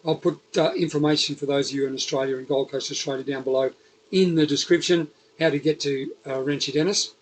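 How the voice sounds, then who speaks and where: A man's voice: fairly high pitch, fairly even intonation, fairly quick, rough recording. A man with a Liverpool accent hosting a casual interview, rambling and chatty with lots of fillers and restarts. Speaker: podcast host.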